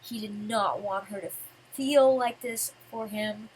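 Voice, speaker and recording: A woman talks through a comic chapter as a devoted fan, getting emotional and tripping over her own sentences as she goes. Her pitch sits in an ordinary middle range. A faint hiss runs under the recording. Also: takes it slowly, a little mellow, rough recording. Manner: emotional, rambling, many restarts. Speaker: manga reviewer. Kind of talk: casual fan commentary.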